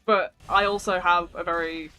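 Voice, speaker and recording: A man with a thick northern English accent chats loosely with viewers while streaming a game, rambling, dropping slang and the odd swear. His voice sits notably high for a man, with faint music playing underneath. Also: level tone, moderate pace, pushed and bright. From northern England. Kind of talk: casual live stream chat.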